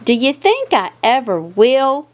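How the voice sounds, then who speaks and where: A woman voicing a clumsy, eager little girl rabbit in a storybook read-aloud, with excited childlike squeals. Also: sits high, unhurried.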